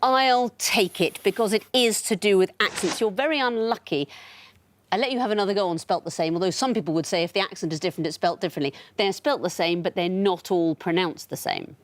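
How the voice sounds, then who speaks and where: A woman's voice: medium pitch, a little fast. A woman hosting a TV quiz in a studio, with a dry, teasing wit. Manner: dry, witty, lightly teasing. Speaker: quiz show host.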